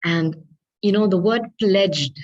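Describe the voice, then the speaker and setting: A woman's voice: medium pitch, takes it slowly, highs cut off. A woman giving a tarot reading, speaking earnestly and affectionately to her listeners and calling on angels. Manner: spiritual, invokes angels. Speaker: tarot reader.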